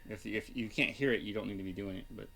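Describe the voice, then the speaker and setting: A man chatting casually as a guest, explaining things quickly and joking along. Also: fairly low pitch, creaky, bright, forceful tone. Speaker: guest reseller. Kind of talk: casual chat.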